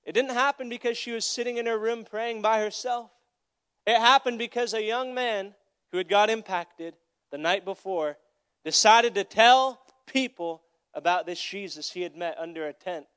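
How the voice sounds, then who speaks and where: A young man preaching a sermon as a traveling evangelist, telling a story and swinging from quiet asides to loud calls to the crowd. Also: high voice, moderate pace, smooth. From Florida.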